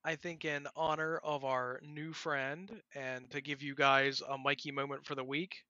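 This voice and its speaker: A man's voice: mid-range voice, little pitch movement, unhurried, pushed and bright, dry recording. A man co-hosting a podcast in casual chat, a bit hesitant and self-deprecating. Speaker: podcast co-host. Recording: dull lo-fi podcast mic.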